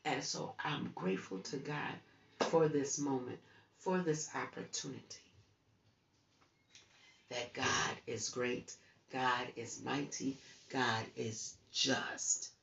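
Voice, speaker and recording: A woman's voice: rumbling low, gravelly, fairly bright tone, slight background noise. A woman from the United States preaching informally in a conversational, urging way while she has the hiccups and keeps yawning. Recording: roomy, distant, dull sound.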